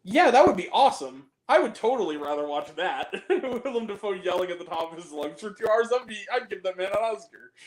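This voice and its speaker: High, animated man in a roomy room. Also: brisk. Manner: animated, laughing, profane storytelling. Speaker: podcast co-host reviewing films. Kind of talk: casual chat.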